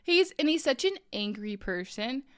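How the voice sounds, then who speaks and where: A woman's voice: sits high, very animated, normal speed, clean tone. A woman streamer chatting casually with viewers while crocheting, talking in an incredulous way, laughing often and filling her talk with "like".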